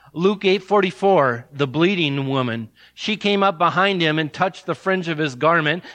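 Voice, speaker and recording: Male pastor, bright forceful tone, slightly high, preaching with emphasis. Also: dry recording. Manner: emphatic, reads scripture aloud, rises and drops in pitch. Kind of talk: expository sermon.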